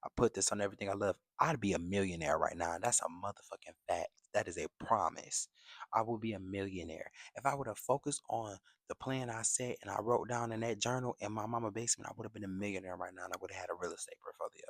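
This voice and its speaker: A man's voice: fairly low pitch, fast, no room sound. A young man in a casual vlog monologue, giving emphatic, slang-filled life advice straight to the camera. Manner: emphatic, streetwise slang, rhetorical "you get what I'm saying". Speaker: vlogger.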